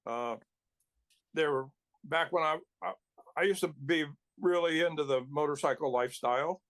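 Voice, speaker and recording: A man's voice: fairly high pitch, normal speed, a bit bright, no echo. A male actor telling rambling anecdotes in casual chat, with restarts and chuckles. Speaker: actor guest.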